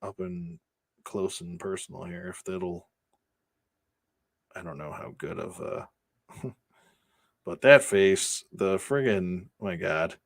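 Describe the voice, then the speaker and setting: A man's voice: low-pitched, slow, creaky, pauses often. A middle-aged man from the Buffalo area hosting a casual toy-collecting livestream, rambling, laughing often and greeting viewers by name. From Buffalo, New York area.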